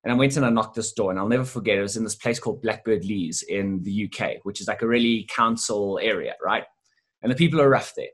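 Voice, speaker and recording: A man as an interview guest, telling a sales story in a lively, animated way with casual swearing. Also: lowish voice, fast talker, breathy edge. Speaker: guest, sales business owner.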